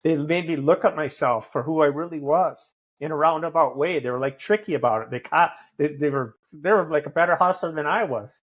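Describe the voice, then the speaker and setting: A man's voice: fairly high pitch, brisk, few pauses. A middle-aged man in recovery, talking bluntly and profanely as a podcast guest, preaching tough love. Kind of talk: blunt conversational storytelling.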